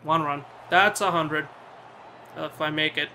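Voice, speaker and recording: Bright-voiced man joking through a game. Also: a little high, fairly even intonation, unhurried, slight background noise. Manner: bantering, swears often, talks to his in-game player. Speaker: gamer playing a cricket video game. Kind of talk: casual gameplay commentary.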